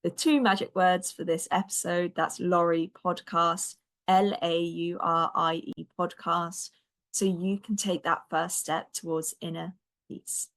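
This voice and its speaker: A young woman hosting a podcast, her voice a touch croaky. She speaks gently and encouragingly, in a lowish, fairly even tone without much lift. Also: measured pace. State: slightly croaky voice. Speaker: podcast host and coach. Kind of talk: podcast monologue.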